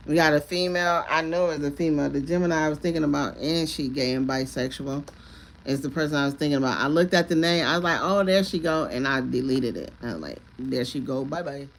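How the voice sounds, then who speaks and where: A woman's voice: low voice, quick pace. A woman reads tarot in a loose, rambling live stream. She talks emphatically, repeats single words again and again, and laughs often. Faint noise hums behind her. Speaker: tarot reader.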